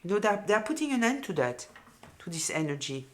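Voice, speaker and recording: A woman giving a collective tarot reading, speaking haltingly with many fillers and repeated words, openly emotional. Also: mid-range voice, big pitch swings. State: moved, emotional. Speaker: tarot reader.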